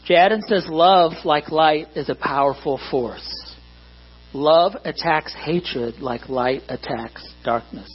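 A pastor delivering a sermon in an earnest way, rising to emphatic points and dropping to quiet asides. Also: male voice, medium pitch. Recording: dull lo-fi recording with mains hum.

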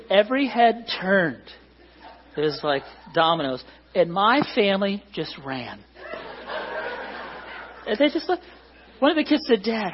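A middle-aged pastor preaching in a church hall, conversational and joking with the congregation. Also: male voice, fairly high pitch, lo-fi sound. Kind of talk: sermon.

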